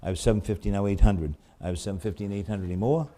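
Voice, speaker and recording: A man working as an auctioneer, calling bids in rapid repetitive runs and breaking off for chatty asides about the items, with a New England accent. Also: fairly low pitch, mellow.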